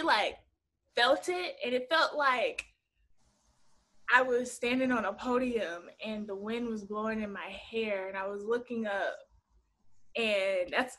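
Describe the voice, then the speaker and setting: A young woman in casual conversation, animated and quick to laugh, acting out little quoted scenes as she talks. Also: on the high side. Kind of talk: casual chat.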